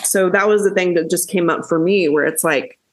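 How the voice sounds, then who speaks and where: A woman hosting a podcast in casual chat, candid and quick to swear as she gets heated. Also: lowish voice. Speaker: podcast host.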